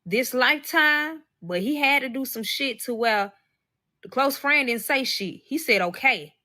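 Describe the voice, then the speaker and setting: A woman's voice: high voice, normal speed, pushed and bright, no room sound. A woman telling a personal story in casual, profane talk, speaking to her listeners as y'all and acting out the voices of the people in it. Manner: acts out quoted voices. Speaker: storyteller recounting a personal experience. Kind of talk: casual storytelling to a live audience.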